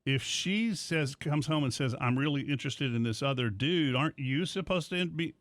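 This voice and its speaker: A middle-aged man hosting a morning radio show, rambling through stories with animated asides in casual studio banter. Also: a little high, normal speed, no room sound.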